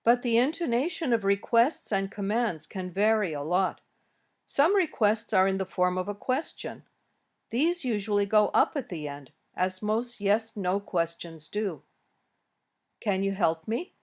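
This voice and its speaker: An American woman reading a scripted English lesson, modeling sentences slowly and carefully as a teacher. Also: mid-range voice, animated. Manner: slow, careful, clearly modeled example sentences. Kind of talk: scripted instructional narration.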